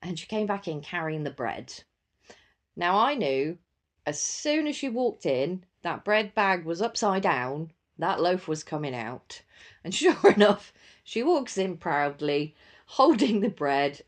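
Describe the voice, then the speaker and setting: A woman's voice: lowish voice, sing-song, a little slow. A young woman hosting a podcast, chatting casually with lots of fillers and frequent laughter. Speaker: podcast host. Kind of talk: casual solo chat.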